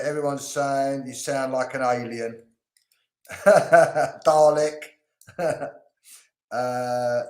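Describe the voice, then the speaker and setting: A man's voice: mid-range voice, a little mellow, reverberant. A British man hosting a live online hair class, greeting viewers in an upbeat, chatty way with lots of ums, on a video call. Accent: British English. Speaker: host.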